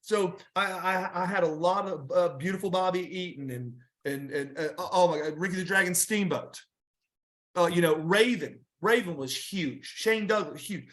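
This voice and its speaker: High-voiced man telling rambling stories. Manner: rambling, animated, frequent restarts and fillers. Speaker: guest wrestler. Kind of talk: casual storytelling interview.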